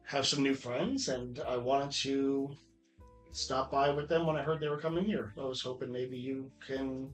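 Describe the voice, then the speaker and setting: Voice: mid-range voice, fairly even intonation, moderate pace, echoey room, recorded from a distance, soft background music, rough recording. A player in a tabletop game speaking in character, easygoing and a little hesitant.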